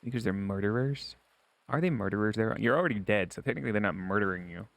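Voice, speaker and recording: A man's voice: fairly low pitch, fast talker, gravelly, no room sound. A man streaming, reading a visual novel aloud and joking with his viewers in crude asides.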